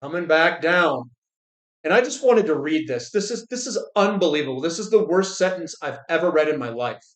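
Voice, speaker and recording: A man with a fairly high voice talking through market commentary in a blunt, exasperated way. He often stumbles and repeats words as he restarts sentences. The sound is echoey, as if recorded in a bare room. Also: expressive, moderate pace. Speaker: finance channel host. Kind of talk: casual commentary.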